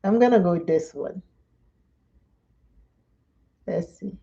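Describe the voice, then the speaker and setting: A woman's voice: fairly low pitch, slow pace, creaky, warm tone, lo-fi sound. A woman from Dominica, chatting and telling stories during a live makeup tutorial and laughing often. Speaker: makeup vlogger.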